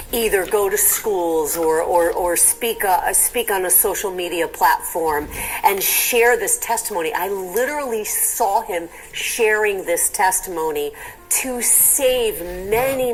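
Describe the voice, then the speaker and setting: A woman's voice: lowish voice, rough recording. An older woman, a mother, earnestly giving a prayerful personal testimony. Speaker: interviewee, mother.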